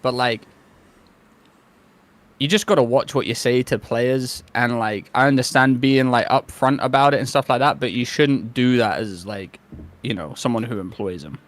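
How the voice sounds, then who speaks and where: A man's voice: medium pitch, moderate pace. A man co-hosting a casual esports podcast, rambling with many fillers. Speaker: podcast co-host.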